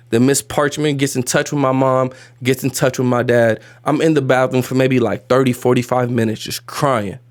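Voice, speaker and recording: A man telling a painful personal story as a vlog monologue, animated and repetitive, slangy and profane, close to tears. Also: medium pitch, moderate pace, hardly any pauses. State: emotional, on the edge of tears.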